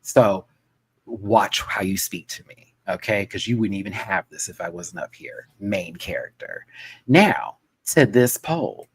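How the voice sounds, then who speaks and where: A man hosting a casual panel chat, sassy and animated, with quick asides. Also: low-pitched, husky. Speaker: host.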